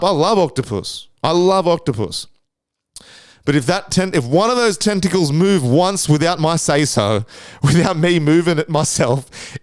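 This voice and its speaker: Clean studio sound with no echo captures an Australian man whose clean-toned voice sits on the high side. Hosting a casual podcast solo, he rambles in a crude way, swearing all the time and restarting sentences.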